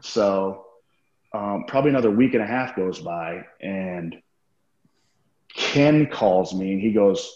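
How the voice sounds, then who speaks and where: Deep-voiced man swearing through a story. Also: expressive, takes it slowly, pauses often, darkish tone. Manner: profane, acts out quoted dialogue. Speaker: podcast guest, former wrestler. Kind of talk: casual storytelling interview. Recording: roomy, dull lo-fi sound.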